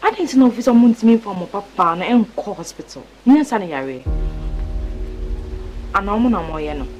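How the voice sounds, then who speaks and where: A woman's voice: medium pitch, expressive, moderate pace, a little mellow, dull audio, soft background music, natural voice. An actress playing a suspicious woman questioning her family in a film scene. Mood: probing.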